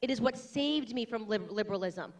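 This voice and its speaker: A woman's voice: a little high, fairly quick. An American woman in her thirties giving a combative, rousing political speech to a crowd. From United States. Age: 30s. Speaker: political commentator speaking to a crowd.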